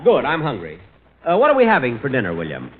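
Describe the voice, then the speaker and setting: A man's voice: medium pitch, wildly swooping pitch, fast, heavy background noise. A male comedy host talking in an indignant, flustered way, in an old tinny 1940s radio broadcast. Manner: indignant, flustered, then earnest appeal.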